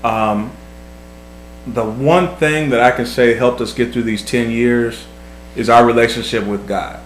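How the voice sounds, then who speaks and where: A man's voice: medium pitch, steady tone, a little slow. Earnest man in an echoey room. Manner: earnest, repeats words while thinking. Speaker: vlog host, husband. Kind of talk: casual advice talk. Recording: echoey room, faint hum.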